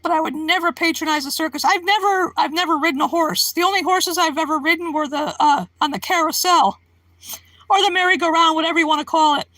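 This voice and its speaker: A high, bright-voiced woman chats with her live-stream viewers, rambling from thought to thought and giggling often. Her voice is crisp and sits close and dry in the recording, with no room around it. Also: fast talker, no room sound. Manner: rambling, giggly, laughs often between remarks.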